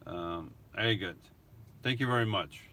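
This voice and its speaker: A middle-aged man streams live by phone from his van, reading viewers' comments and answering them in easygoing chat. He speaks at a normal speed in a low, pushed, bright voice, with slight background noise.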